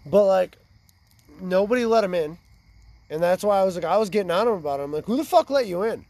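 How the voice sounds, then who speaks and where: A man's voice: high voice, expressive, quick pace, darkish tone, dry recording. A man in his twenties telling a rambling, profane story in casual chat by a fire. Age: 20s. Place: outdoors by a fire.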